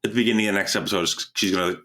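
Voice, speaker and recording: A man's voice: lowish voice, steady tone, very fast, sharp tone. A man co-hosting a podcast, chatting casually, rambling and tripping over his words, laughing often. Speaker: podcast co-host. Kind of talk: casual chat.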